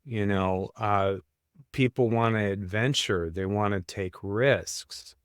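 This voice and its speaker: Male podcast host; slow, measured, lower-pitched delivery. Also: smooth, dry recording, studio quality. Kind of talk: reflective interview talk.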